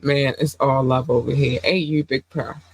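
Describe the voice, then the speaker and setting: A woman hosting a casual livestream podcast while under the weather, low on energy, talking in an affectionate, rambling way with lots of fillers. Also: steady tone, moderate pace, breathy edge, no echo, low-quality recording. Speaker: podcast host.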